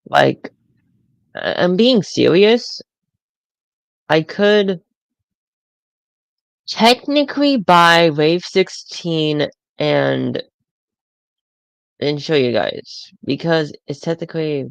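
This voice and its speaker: A man's voice: medium pitch, creaky, dry recording. A man chatting casually on a live stream as a toy collector, rambling and often stammering over his words.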